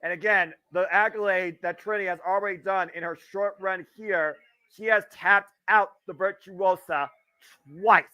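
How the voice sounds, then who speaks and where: A high-pitched, sharp voice with a steady tone and moderate pace belongs to a man from the American Midwest. He hosts a casual live wrestling watch-along, chatty and quick with wisecracks and swearing.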